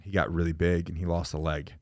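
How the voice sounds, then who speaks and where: A man talking quickly and emphatically in a casual podcast conversation, with lots of "like" and "bro". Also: low-pitched, level tone, darkish tone, dry recording, clean studio sound.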